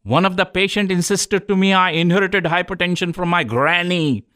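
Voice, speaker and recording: Doctor guy on local radio cracking cheesy heart jokes to "folks", slightly high voice, dead dry studio sound. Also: normal speed, pushed and bright, clean tone, dry recording. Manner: corny jokes, addresses listeners as folks. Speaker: radio show host and doctor. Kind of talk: joke-filled radio talk.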